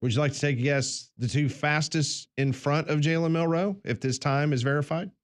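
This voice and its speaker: A man's voice: on the high side, moderate pace. A man co-hosting a morning sports talk radio show, laying out the news with asides. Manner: chatty, explains the news with asides.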